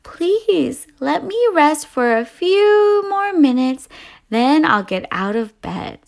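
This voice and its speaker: A woman's voice: high voice, sing-song, slow, gravelly, full character voice. A woman voicing a sleepy, grumpy male groundhog who grumbles and begs to be left alone.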